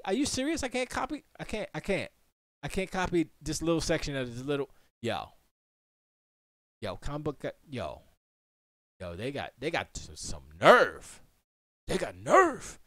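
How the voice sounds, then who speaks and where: Animated rambling man on a livestream. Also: fairly high pitch, moderate pace, no room sound. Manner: rambling and animated, muttering to himself while working on the computer. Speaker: livestream host. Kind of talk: casual livestream chat. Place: home studio.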